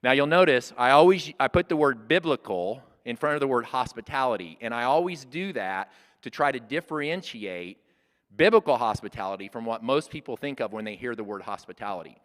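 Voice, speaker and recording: A man's voice: medium pitch, expressive, brisk, a bit bright. A man in his sixties giving an earnest, conversational teaching talk at a church workshop, often restarting his phrases. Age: 60s. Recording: long reverb of a hall.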